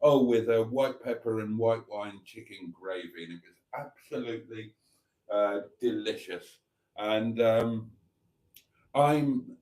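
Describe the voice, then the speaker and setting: A man's voice: on the low side, unhurried, darkish tone. A middle-aged man, chatting casually on a live stream and reading viewer comments aloud with playful asides.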